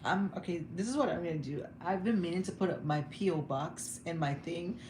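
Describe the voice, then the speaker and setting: A woman's voice: lowish voice, fairly quick, a little mellow. A young woman talking candidly and emotionally to her viewers, laughing now and then as she vents. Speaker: vlogger. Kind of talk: casual livestream chat. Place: home room. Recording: echoey room with background noise.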